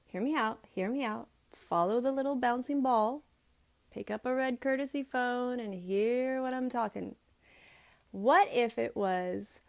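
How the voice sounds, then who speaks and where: A woman's voice: on the high side, a little slow, gravelly. A woman in her thirties talking casually to homeschooling parents on a phone livestream from home, earnest and coaching, slipping into short quoted voices. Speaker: homeschooling vlogger. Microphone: phone camera.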